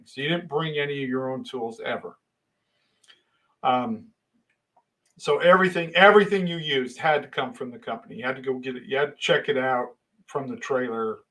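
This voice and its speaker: A middle-aged man tells a long personal anecdote casually, rambling with many restarts and acting out exchanges through dramatic voice shifts. His voice is fairly high and a bit bright, and the audio is poor.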